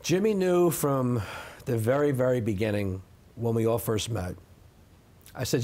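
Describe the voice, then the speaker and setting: A man's voice: medium pitch, a little slow, pauses often, a little mellow. Emphatic, defensive man in an interview. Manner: emphatic, defensive, repeats "okay?". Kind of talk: sit-down interview.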